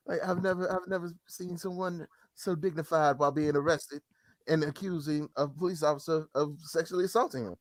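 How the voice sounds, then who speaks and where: A man's voice: on the high side, steady tone, moderate pace, no echo. A man co-hosting a podcast, chatting casually, laughing often and adding short agreeing remarks. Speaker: podcast co-host. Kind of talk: casual comedic chat.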